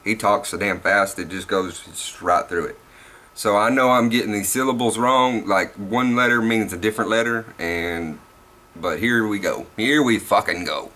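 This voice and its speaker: Young Southern man, bright edgy voice, rambling and cussing in a casual vlog. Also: fairly low pitch, normal speed. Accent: Southern US, Tennessee. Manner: rambling and profane, laughs at himself. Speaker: vlogger.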